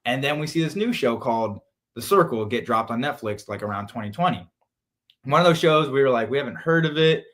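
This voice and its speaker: Animated young man telling stories. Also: brisk. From San Diego, California. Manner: animated, acts out quotes with big jumps in pitch and volume. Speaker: interview guest, reality show contestant. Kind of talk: casual interview storytelling.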